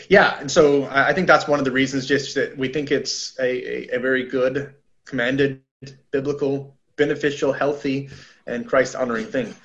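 A man speaking as a pastor in a casual church discussion, earnest and halting with many restarts. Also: mid-range voice, fairly even intonation, a bit bright, highs cut off.

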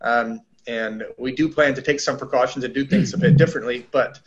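A man speaking as a pastor in a casual church discussion, earnest and halting with many restarts. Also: medium pitch, highs cut off, background noise.

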